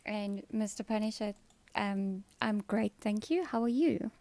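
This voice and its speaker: Slow, gravelly South African woman streaming. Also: medium pitch, dark tone, no room sound. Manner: chatty, dry sarcasm, answers chat by name. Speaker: live streamer. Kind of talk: casual live-stream chat. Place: at home, kids' TV in another room.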